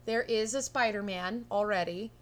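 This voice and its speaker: A woman's voice: mid-range voice, moderate pace. A woman co-hosting a casual film review podcast, playful and jokey with frequent giggles. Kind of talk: casual chat.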